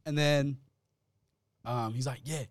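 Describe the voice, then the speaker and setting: A young man telling a story in casual podcast chat, animated and slang-heavy, often laughing. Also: medium pitch, slow.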